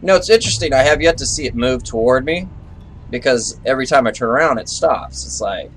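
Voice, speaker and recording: A man's voice: mid-range voice, expressive, a little fast, slight background noise. A young man giving live commentary on a horror game, jumpy, swearing and scolding the characters on screen. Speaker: let's play gamer.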